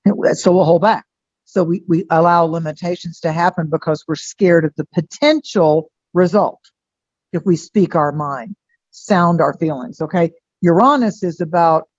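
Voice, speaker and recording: A woman astrologer, a guest on a podcast, talking in a chatty way and acting out bits of dialogue in lively voices. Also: lowish voice, moderate pace, no echo, lo-fi sound. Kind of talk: podcast interview.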